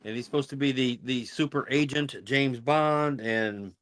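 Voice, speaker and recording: A man's voice: mid-range voice, moderate pace, a bit bright. A man in a casual chat among comedians, giving rambling, opinionated takes. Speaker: comedian guest.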